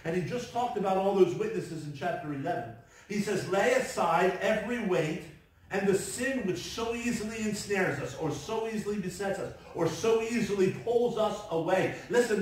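A man preaching a sermon as pastor, earnest, with frequent restarts and asides. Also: sits high. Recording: very echoey room, voice from far off.

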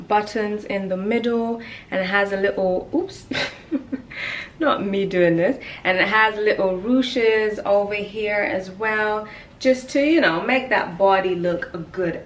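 A woman's voice: mid-range voice, reverberant, far from the mic, a little hiss or hum. A young woman vlogging a clothing haul, chatty and playful, with slang and jokey asides. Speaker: fashion vlogger. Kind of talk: casual haul vlog.

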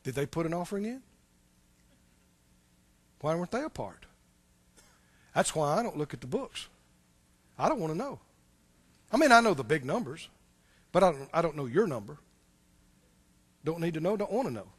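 A middle-aged man preaching a sermon as pastor, swinging between loud outbursts and soft asides, chuckling between points. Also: a little high, big pitch swings, moderate pace, long pauses, husky.

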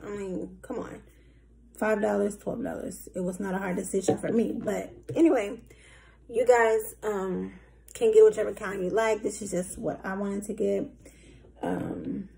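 A woman's voice: medium pitch, vocal fry, warm tone, a little hiss or hum. A woman chatting casually to camera at home as a vlogger. She rambles and fills her talk with many ums.

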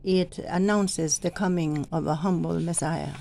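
A middle-aged woman training church lectors, explaining how to proclaim the readings in a slow, deliberate way and stretching the words she stresses. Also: on the low side, steady tone, vocal fry, warm tone. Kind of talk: instructional reading guide.

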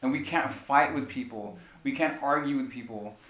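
Pastor guy preaching and telling his story, mid-pitched voice, echoey room. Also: normal speed, muffled recording. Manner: impassioned storytelling preaching with repeated phrases. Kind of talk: sermon. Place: church sanctuary. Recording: echoey church room with faint rumble.

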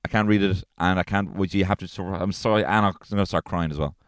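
A man's voice: deep voice, fast talker, smooth, no room sound. A man with an Irish accent hosting a solo comedy podcast from inside his car, ranting in an exasperated, profane way. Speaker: podcast host.

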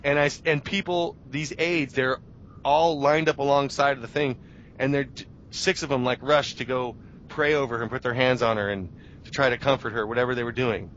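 Brief: thirties male guest, animated storyteller, mid-pitched voice, muffled lo-fi radio sound, faint hiss. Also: normal speed. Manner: animated storytelling with restarts and self-talk. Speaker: interview guest, journalist. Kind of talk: casual radio interview. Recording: dull lo-fi radio audio.

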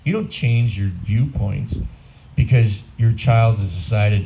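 A man's voice: medium pitch, expressive, unhurried, dark tone, slight background noise, rough recording. A man in his sixties, a priest, preaching a homily in a blunt, conversational, self-deprecating way. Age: 60s. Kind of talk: sermon.

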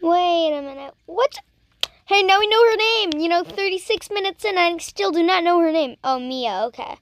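A woman's voice: very high-pitched, expressive, normal speed. A young woman chatting casually as she reacts to videos, teasing and talking back at the screen.

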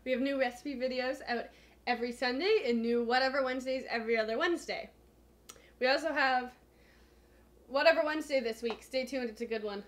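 A woman's voice: high-pitched, a little fast. A young woman co-hosting a cooking channel, narrating recipe steps and chatting casually with her co-host. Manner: chatty, laughs easily, says "like" a lot.

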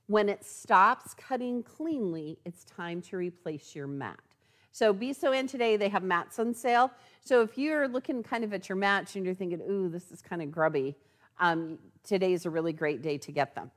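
A woman's voice: medium pitch, normal speed. A woman giving a chatty live product demonstration in a sewing store, often checking in with "okay?". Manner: chatty, animated, tags lines with "okay?".

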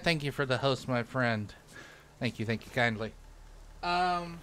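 A man's voice: mid-range voice, animated, a little slow, long pauses, sharp tone, faint music behind. A man hosting a let's play, giving casual, chatty commentary and talking to his viewers.

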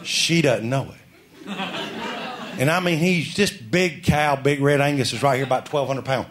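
A man doing live stand-up comedy, telling a folksy story and building up to excited shouts. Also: medium pitch, moderate pace. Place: club or stage before a live audience. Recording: live show with audience laughter and noise.

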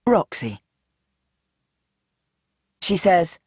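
An audiobook narrator reads with tense drama, rushing through action and slowing into dread. The voice is mid-pitched and the recording is dry and close. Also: sing-song, darkish tone, husky, dry recording. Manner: tense, dramatic, shifting pace. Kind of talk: scripted narration.

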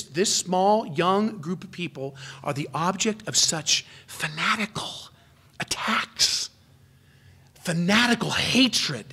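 Guy preaching a sermon, pretty high voice, earnest, gets louder and higher to make a point then drops way down quiet. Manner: rises in pitch and volume for emphasis, then drops low and quiet. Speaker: pastor. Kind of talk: expository sermon.

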